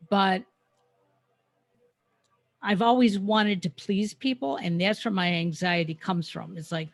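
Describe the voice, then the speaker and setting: A woman's voice: mid-range voice, fairly even intonation, a little slow, vocal fry, long pauses, no room sound. A woman in her seventies co-hosting a podcast, speaking candidly with lots of ums. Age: 70s. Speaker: co-host. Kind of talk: casual podcast chat.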